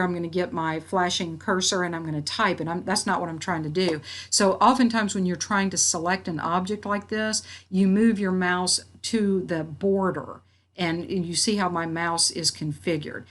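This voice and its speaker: A woman instructor walking through a software tutorial, reading out each step and checking her work as she goes. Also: lowish voice. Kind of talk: screen-recorded software tutorial. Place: at a computer.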